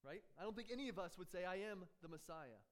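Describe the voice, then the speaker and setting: High-voiced man preaching a sermon. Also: lively intonation, fast talker. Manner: conversational, asks rhetorical questions, chuckles often. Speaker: pastor.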